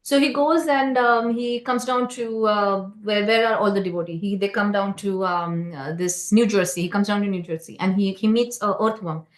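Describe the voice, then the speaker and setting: Woman, temple class speaker, storytelling, hesitant with many fillers, mid-pitched voice, echoey hall. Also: moderate pace, hardly any pauses. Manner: conversational, checking in with "right?".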